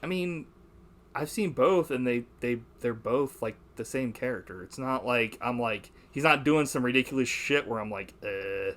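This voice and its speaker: A man's voice: mid-range voice, normal speed, fairly bright tone. A young man hosting a podcast, chatting casually about a movie, rambling, swearing and laughing as he quotes lines. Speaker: podcast host.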